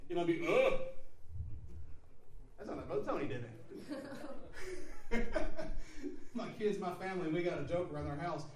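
A man preaching a sermon to his congregation, animated, laughing often and building to loud passages. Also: on the high side, a little fast, pauses often. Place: church sanctuary. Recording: echoey room recorded from far off with faint background noise.

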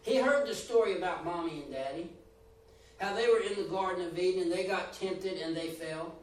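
High-voiced preacher man in an echoey room. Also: brisk, distant mic, slight background noise. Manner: preaching with rising and falling emphasis, acting out quoted voices. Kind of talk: sermon.

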